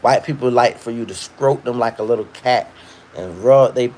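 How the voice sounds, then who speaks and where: A man hosting a livestream, ranting in a loud, profane, rambling way and reading viewer comments. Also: medium pitch, moderate pace. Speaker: livestream host. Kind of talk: casual livestream rant.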